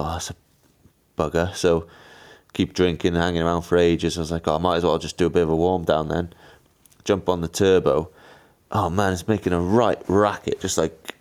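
Low-voiced man telling stories. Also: darkish tone. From Wales. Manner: chatty storytelling, lots of fillers and mimicked voices. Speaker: pro cyclist, podcast co-host. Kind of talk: casual chat.

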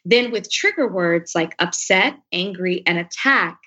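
A woman talking as an interview guest, with a bright, forceful voice. She tells her story candidly and with energy, slipping into the voices of people she quotes. The recording sounds a little dull and lo-fi. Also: on the low side, measured pace. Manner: animated, acts out quoted speech. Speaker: podcast guest.

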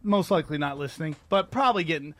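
A man's voice: a little high, lively intonation, fast talker, fairly bright tone, a little hiss or hum. A man co-hosting a podcast, making crude jokes in casual chat. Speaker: podcast co-host.

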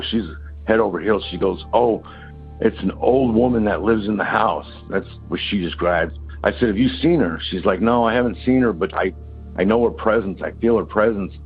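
A deep-voiced man tells a long personal story as a caller, stumbling through restarts and fillers. His voice is husky and low. The recording is muffled and lo-fi, with faint music behind him. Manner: rambling, halting, many restarts and fillers. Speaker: caller telling a ghost story. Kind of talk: casual phone-in storytelling.

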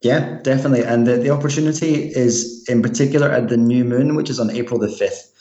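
A man's voice: medium pitch, fast, warm tone, lo-fi sound. A man with a Glaswegian Scottish accent, an astrologer chatting casually on a podcast, rambling with lots of restarts and fillers. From Scotland. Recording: roomy echo.

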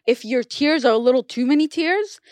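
A woman guest on a podcast, telling a candid story in casual chat, expressive and swearing freely. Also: high voice, fairly quick, no echo. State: losing hearing in one ear.

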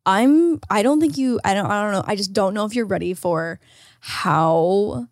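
A young woman co-hosting a podcast in casual, excitable chat, gushing and laughing easily. Her voice sits at a medium pitch and sounds close and dry, with no room around it. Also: moderate pace, no room sound. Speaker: podcast co-host.

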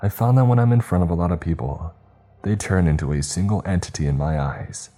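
Deep, husky male storyteller. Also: a little fast, soft background music. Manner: steady first-person retelling. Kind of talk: storytelling narration.

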